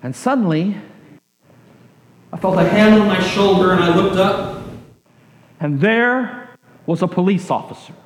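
A male pastor preaching a sermon, telling a personal story slowly, repeating phrases and letting them trail off quietly. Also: high voice.

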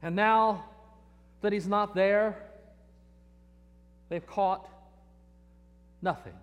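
A man's voice: high voice, fairly even intonation, drawn-out words, clear, resonant tone, long reverb tail, highs cut off. A man preaching a sermon, telling stories in an earnest way and often repeating his words. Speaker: pastor.

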